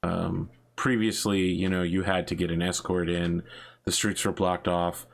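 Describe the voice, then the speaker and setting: A man narrates as game master of a tabletop role-playing game. His voice sits fairly low, and he describes each scene in an easygoing way, with lots of "uh" and "you know" along the way. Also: a little slow, gravelly. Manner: relaxed, filler-heavy narration.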